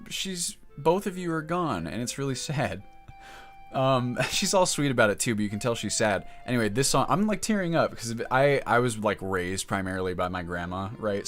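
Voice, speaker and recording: A man with a lowish voice chats casually on a livestream, rambling from thought to thought and often trailing off mid-sentence. His talk turns openly emotional. Soft music plays quietly behind him. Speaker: streamer. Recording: music playing in the background.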